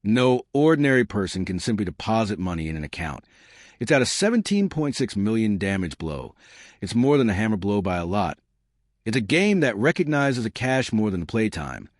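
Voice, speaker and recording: A man's voice: on the low side, big pitch swings, fairly quick, dry recording, studio quality. A man hosting his channel, speaking in a disjointed monologue that jumps between tips and numbered lists. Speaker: channel host.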